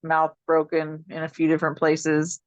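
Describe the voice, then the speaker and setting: A woman co-hosting a podcast in casual chat, blunt and quick to swear. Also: deep voice, monotone, no echo. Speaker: podcast co-host.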